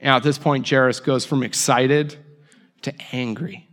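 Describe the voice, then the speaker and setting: A man preaching a sermon, telling the story with lively acted-out voices and casual asides. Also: medium pitch, measured pace. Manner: animated storytelling, acts out voices of biblical figures. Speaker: pastor.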